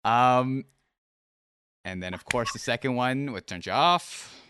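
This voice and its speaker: A man hosting a casual interview podcast, rambling with many restarts, then reading out his questions slowly and deliberately. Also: medium pitch, fairly bright tone, clean tone, no room sound. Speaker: podcast host.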